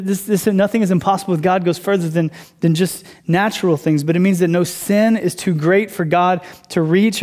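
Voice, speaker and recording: A man's voice: high-pitched, darkish tone. A man teaching a sermon in a conversational, emphatic way, with asides and rhetorical questions.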